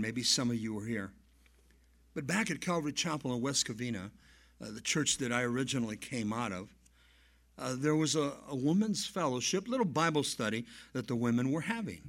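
A male pastor preaching a sermon and telling stories, swinging from soft asides to loud emphasis. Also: a little high. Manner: animated storyteller, swings between soft and loud. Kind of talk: sermon with storytelling.

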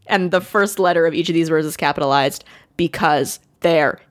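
A woman's voice: low voice, normal speed. A woman co-hosting a comedic awards bit, playfully reading tweets aloud with their punctuation. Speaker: co-host.

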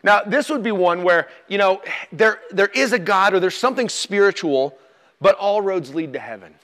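A man's voice: high-pitched, normal speed, fairly bright tone. A man preaching a sermon in a conversational, plain-spoken way, with light humor and direct questions to his listeners. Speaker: pastor.

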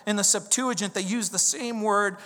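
A high-pitched, sharp-toned pastor, middle-aged and from Southern California, delivers a verse-by-verse sermon in a church sanctuary where his voice rings with long reverb. He moves easily between scripture and personal storytelling, emphasizing key words and slowing down to press each point.

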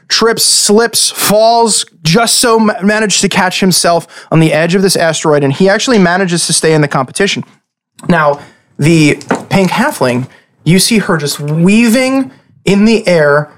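Lively, higher-voiced man running a game. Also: a little hiss or hum. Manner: lively, casual, rambling with fillers. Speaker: game master. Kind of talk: narrating a tabletop game.

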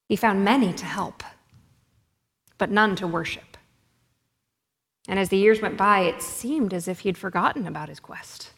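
A woman narrates a story in a measured, expressive reading. Her pitch sits in the middle. A long hall reverb trails each line.

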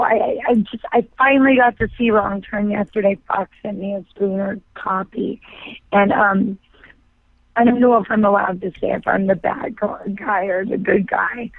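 A woman's voice: on the high side, no room sound. Chatty woman on a tinny phone line. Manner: rambling, chatty, full of fillers. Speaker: actor guest. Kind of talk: casual interview chat.

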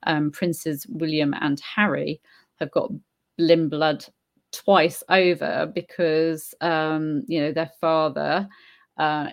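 A woman talking casually to viewers on a live stream. Her voice sits low and has a gravelly edge of vocal fry. She thinks aloud, pausing on fillers and restarting her sentences. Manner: hesitant, many fillers and restarts, thoughtful. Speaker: live-stream host answering viewer comments. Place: home in Spain.

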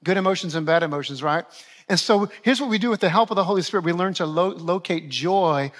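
A man's voice: high voice, quick pace. A man in his forties, a pastor preaching a sermon, repeating key phrases and asking the congregation questions.

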